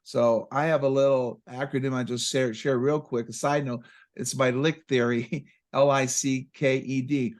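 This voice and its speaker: A man in casual conversation, telling stories with excitement and acting out his exchanges with patients. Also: medium pitch, normal speed. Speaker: chiropractic practice coach.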